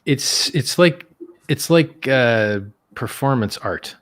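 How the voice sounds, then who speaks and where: A man talking as a guest on a live stream, animated and profane, laughing at how absurd things get. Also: mid-range voice, slow pace. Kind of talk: casual chat on a live stream.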